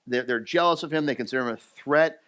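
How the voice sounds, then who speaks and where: A male pastor from the US East Coast, telling a story in his sermon in a chatty, animated way with many fillers and restarts. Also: medium pitch, quick pace, clear, resonant tone. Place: church.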